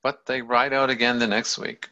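A man's voice: mid-range voice, little pitch movement, normal speed, pushed and bright. A man telling a story in a loose, rambling, casual way, in a dull lo-fi recording. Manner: loose and rambling, many fillers and restarts.

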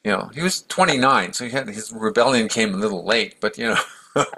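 Low gravelly guy rambling through a story, lots of ums and you knows. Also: a little fast, a little hiss or hum, rough recording. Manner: rambling, relaxed, with fillers and restarts. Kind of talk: casual storytelling talk.

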